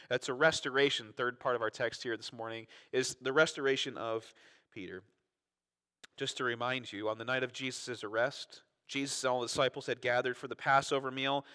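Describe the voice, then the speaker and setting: A man preaching a sermon, reading scripture expressively and explaining it in a conversational way with rhetorical questions and asides. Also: mid-range voice. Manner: expressive scripture reading, acting out quoted voices. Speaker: pastor.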